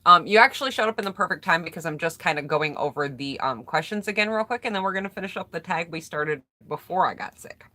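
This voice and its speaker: Low-pitched, bright-toned American woman chatting. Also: animated, fast. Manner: chatty, reads questions aloud then answers and greets viewers. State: recovering from a cold. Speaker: vlogger answering a question tag on a live stream. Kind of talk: casual chat.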